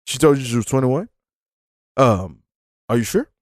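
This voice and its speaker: A man's voice: medium pitch, animated, moderate pace, dry recording, studio quality, natural voice. A man voicing a stern television sting-show host who questions a suspect. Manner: stern, probing interrogation.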